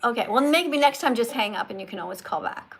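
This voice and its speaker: A woman's voice: on the high side, expressive, fast talker, vocal fry, slightly rough. A woman hosting a live-stream call-in, talking emphatically and lecturing her callers, correcting how they pronounce words. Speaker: livestream host talking with callers.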